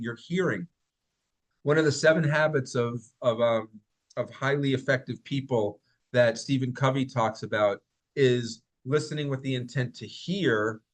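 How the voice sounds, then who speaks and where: A man presenting a workplace training workshop in a conversational way, often asking his listeners questions. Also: mid-range voice. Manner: conversational, asks the audience questions. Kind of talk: recorded training talk.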